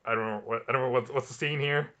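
A man's voice: mid-range voice, steady tone, fast talker, fairly bright tone. A man co-hosting a comics podcast, chatting casually and enthusiastically, often restarting his sentences. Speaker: podcast co-host. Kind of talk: casual chat.

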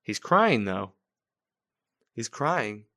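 A man hosting a podcast, giving casual, animated commentary as he recaps a TV episode, quoting lines and laughing. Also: medium pitch, drawn-out words, creaky. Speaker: podcast host. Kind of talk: casual live-watch commentary.

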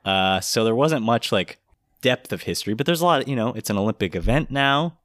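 A man's voice: mid-range voice, animated, fairly quick, a bit bright, dry recording, clean studio sound. A man co-hosting a casual podcast, answering quiz questions hesitantly and laughing often. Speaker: podcast co-host. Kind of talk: casual chat.

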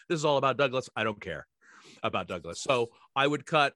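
A man's voice: medium pitch, lively intonation, fairly quick, sharp tone, dry recording. Wry emphatic man, dry close sound. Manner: emphatic and wry, with many fillers and restarts. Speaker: guest, theatre director and writer. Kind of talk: casual podcast conversation.

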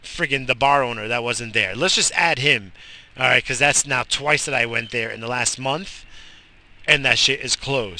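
A man ranting profanely while driving his car, shouting in bursts at cyclists and other drivers. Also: mid-range voice, creaky. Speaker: vlogger.

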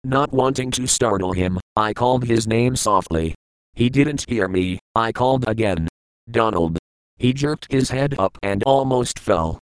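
A man narrating an audiobook in the first person, calm, measured and earnest. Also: medium pitch, clear, resonant tone, dry recording, rough recording.

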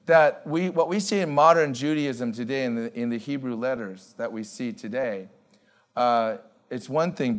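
A male pastor preaching a sermon in an emphatic way, repeating key words and slowing down to stress them. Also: mid-range voice.

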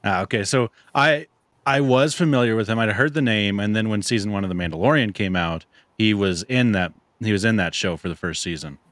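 A young man hosting a podcast in casual chat, relaxed and rambling, often laughing. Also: on the low side, a little fast, no echo. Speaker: podcast host.

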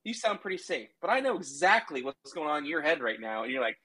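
A man's voice: fairly high pitch, sing-song, a little fast, pushed and bright, husky. A man in casual argumentative banter on a call, lecturing his co-host in a mock-patient tone. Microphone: remote call mic.

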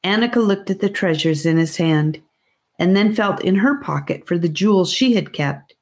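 A woman narrating a children's fantasy audiobook in a steady, careful reading voice. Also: fairly low pitch, normal speed. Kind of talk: scripted narration.

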